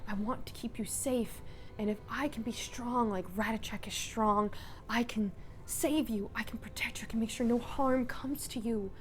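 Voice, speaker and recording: A woman voicing a corrupted young man turning vampire who pleads in a hushed, breathy whisper, in whispered role-play. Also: on the high side, fairly even intonation, moderate pace, slight background noise, lightly acted. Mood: earnest.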